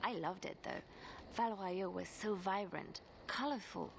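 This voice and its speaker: A woman voicing a gentle young female bard who softly recalls her childhood in a video game. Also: mid-range voice, a little slow, vocal fry, noisy background. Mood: wistful. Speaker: game character.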